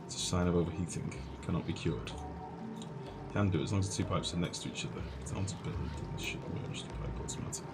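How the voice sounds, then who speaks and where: Low-voiced streamer over game music. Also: male voice, fast. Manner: chatty, flustered, self-mocking, greets chat viewers. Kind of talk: live-streamed gameplay commentary. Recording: music playing clearly behind voice.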